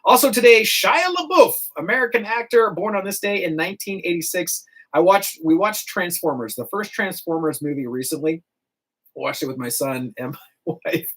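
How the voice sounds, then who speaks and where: A middle-aged man hosting a morning radio show, chatting casually and rambling with animated asides. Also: high voice, normal speed.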